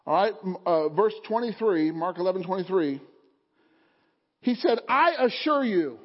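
Male pastor, very high pitch, call-and-response sermon, dull lo-fi sound with lingering church echo. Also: expressive, moderate pace. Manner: call-and-response preaching, rising to fervent emphasis. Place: church sanctuary. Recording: dull sound, long hall reverb.

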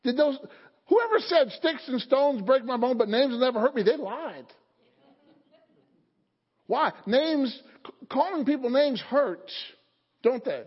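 A man's voice: very high voice, expressive, unhurried, pauses often, slightly rough. A man preaching a sermon as pastor, leading his congregation in call-and-response and building to fervent emphasis. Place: church sanctuary. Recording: dull sound, long hall reverb.

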